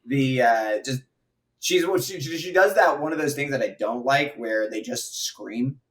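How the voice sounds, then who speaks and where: Man talking casually from a distant mic. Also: medium pitch. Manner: halting, many fillers. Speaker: podcast co-host. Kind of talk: casual film review chat.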